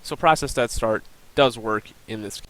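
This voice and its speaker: A man's voice: mid-range voice, normal speed, fairly bright tone, low-quality recording. A young man giving a recorded class presentation, plainly explaining and walking through a screen demo with the odd um and uh. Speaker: student presenter.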